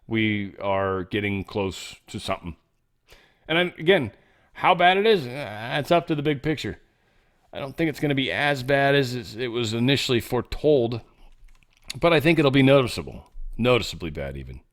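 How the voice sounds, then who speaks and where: A man's voice: mid-range voice, sing-song, moderate pace. A man hosting an online show, commenting on the news in a chatty way with joking asides and frequent fillers. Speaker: show host.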